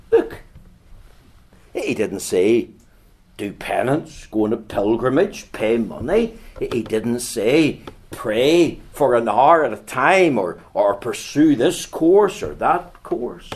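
A man preaching a sermon, swinging between quiet, slow passages and loud, urgent bursts, often repeating words as he goes. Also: mid-range voice, big pitch swings.

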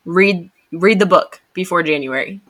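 Excitable young woman chatting. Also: lowish voice, unhurried. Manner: excitable, animated storyteller. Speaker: podcast co-host. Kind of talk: casual chat.

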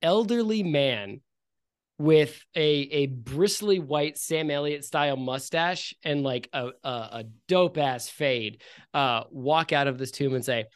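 A woman's voice: low voice, slow pace. A woman narrating as game master, rambling and full of fillers. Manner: rambling, hesitant, filler-heavy.

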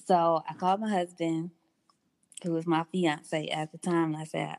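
Low-voiced, slow-talking woman. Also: flat delivery, no echo. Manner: candid, unhurried, acts out quoted dialogue. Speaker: guest. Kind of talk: personal storytelling in an interview.

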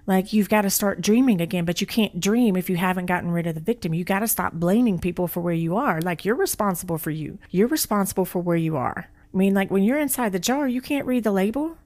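A woman giving a motivational talk, blunt and emphatic, repeating her key phrases, slowing down to stress her words and swearing casually. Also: medium pitch. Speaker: motivational speaker and author.

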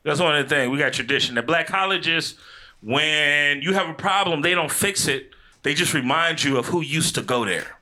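A young man from Chicago with a Midwestern accent, performing a slangy stand-up comedy set on a club stage, shouting his punchlines. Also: on the high side, normal speed.

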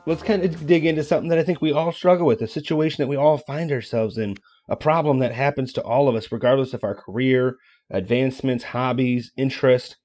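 A man hosting a motivational podcast, talking in a casual, energetic way with folksy asides. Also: mid-range voice, a little fast, soft background music. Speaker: podcast host.

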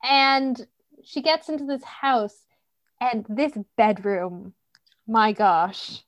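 A woman's voice: a little high, slow pace, lo-fi sound. A woman co-hosting a podcast, chatting casually about a film in a plain-spoken way, with dry humor. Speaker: podcast co-host. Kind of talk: casual film review chat.

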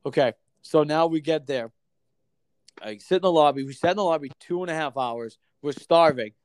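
In casual conversation, a man tells a long story, swearing a lot and acting out the other people in it with animated, profane energy. His voice is a little high and resonant, clear and at a normal speed, with no echo.

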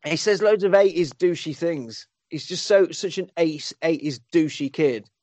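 A man's voice: a little high, moderate pace, darkish tone, no echo. A man recapping a film in a casual, exasperated, sarcastic way.

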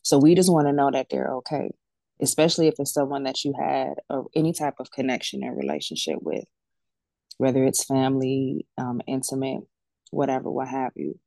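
Her bass voice is creaky and mellow, and she speaks briskly on a dry recording. This death doula and medium talks candidly and colloquially as a podcast guest, acting out the voices in her stories during a casual, heartfelt interview.

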